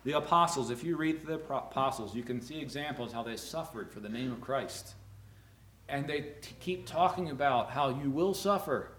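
A middle-aged man preaching a sermon to fathers, earnest, rising loud on key words and dropping low. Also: moderate pace. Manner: earnest, rises loud for emphasis then drops low. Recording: echoey room.

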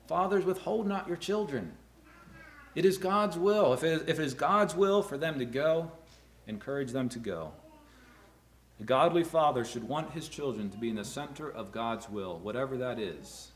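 A middle-aged man preaching a sermon to fathers, earnest, rising loud on key words and dropping low. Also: expressive, moderate pace. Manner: earnest, rises loud for emphasis then drops low. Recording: echoey room.

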